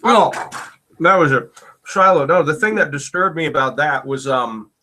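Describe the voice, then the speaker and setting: Bright-voiced man ranting bluntly. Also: on the high side, moderate pace. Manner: chats while eating. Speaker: co-host. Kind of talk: casual chat.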